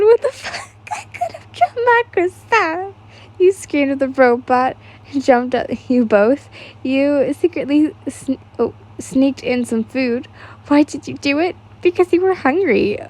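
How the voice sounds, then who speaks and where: A woman's voice: fairly high pitch, mellow. A young woman casually reading fan fiction aloud, stumbling over words and laughing at the text.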